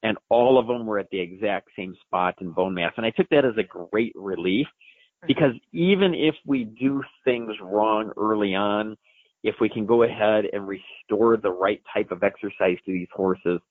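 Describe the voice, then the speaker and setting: A man in his forties with a somewhat low voice explains an expert answer to a listener, relaxed and folksy with many fillers. His voice is tinny and narrow, as if heard down a phone line, with no room sound at all. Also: moderate pace, no room sound. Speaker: equine science expert. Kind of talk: answering listener questions on a live show.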